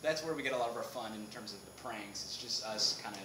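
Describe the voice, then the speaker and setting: A man being interviewed as an actor on a film set, animated, laughing often and restarting sentences. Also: lowish voice, quick pace. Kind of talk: casual interview chat. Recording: echoey noisy room.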